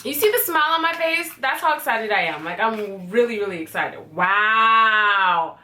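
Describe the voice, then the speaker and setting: A young woman in her twenties from Canada talking excitedly through a beauty product first-impression vlog, chatty and swearing casually. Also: fairly high pitch, a little fast, a little hiss or hum. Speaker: beauty vlogger.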